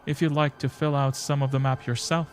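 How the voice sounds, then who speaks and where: A man's voice: medium pitch, little pitch movement, brisk, lightly acted. A man voicing a cheerful male bug mapmaker, reading his lines in a friendly, rambling way over faint game music. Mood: chatty.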